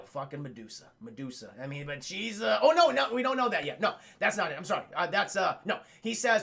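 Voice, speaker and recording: A man's voice: high-pitched, big pitch swings, fast, vocal fry, hardly any pauses, fairly bright tone. A man streaming live, casually recapping a film scene by scene, swearing freely and rambling to his chat. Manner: profane, rambling, talks to chat.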